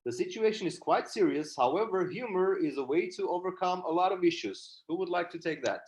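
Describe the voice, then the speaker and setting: High-voiced man moderating a video call. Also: expressive, a little fast, a little mellow. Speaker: moderator of an online panel. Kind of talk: hosting a video-call discussion.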